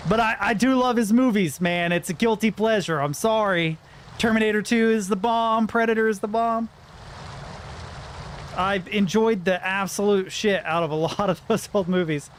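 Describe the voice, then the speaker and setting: A man's voice: sits high, moderate pace, slight background noise. A man streaming a game, commenting casually in a rambling, joking way and laughing often. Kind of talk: casual let's-play commentary.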